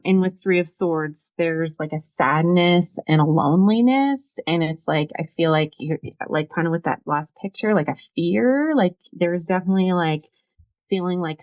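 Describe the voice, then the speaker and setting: Woman, low voice, dry dull sound, casual tarot chat, musing. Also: measured pace, no echo. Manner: musing, many fillers. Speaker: tarot reader co-host.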